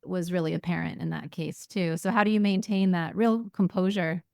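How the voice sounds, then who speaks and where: A woman's voice: on the low side, steady tone, moderate pace, vocal fry, dark tone, smooth, no room sound, clean studio sound. A woman co-hosting a podcast interview, reflecting on answers and asking follow-up questions. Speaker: co-host.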